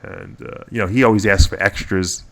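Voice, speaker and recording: A man's voice: fairly low pitch, steady tone, brisk. A middle-aged man co-hosting a casual talk show, telling long rambling stories with many restarts. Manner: rambling, restarts often, chuckles through stories. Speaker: podcast co-host. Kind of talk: casual storytelling chat.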